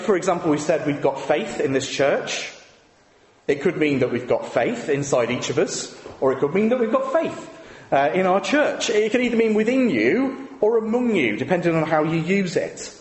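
A man's voice: sits high, big pitch swings, normal speed. A man preaching a sermon, conversational and full of rhetorical questions. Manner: conversational, asks the congregation rhetorical tag questions. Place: church. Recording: echoey hall with long reverb.

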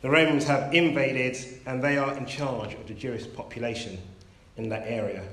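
Give me a man preaching in a church, measured and gentle, with a roomy echo. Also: medium pitch. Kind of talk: sermon with storytelling.

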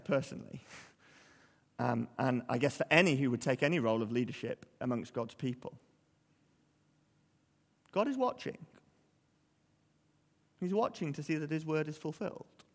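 A man's voice: on the high side, creaky. Earnest male preacher in a reverberant hall. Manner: conversational, earnest, asks the congregation questions. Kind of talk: sermon.

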